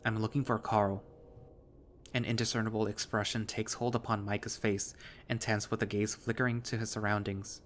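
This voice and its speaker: A man narrates a visual novel in the first person. He tells it in a steady storytelling manner, and his voice sits on the low side. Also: a little fast, few pauses, slight background noise.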